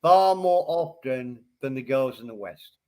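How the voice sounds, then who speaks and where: A man's voice: mid-range voice, lively intonation, measured pace, a little mellow. A man in a casual livestream chat, patiently cutting in to make his point. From England.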